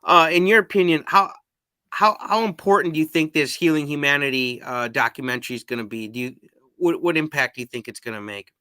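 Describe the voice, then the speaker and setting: A man's voice: a little high, a little fast, bright, forceful tone, clean tone, dry recording. A man hosting a casual live-stream interview, reading viewer comments aloud and laughing easily. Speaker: podcast host.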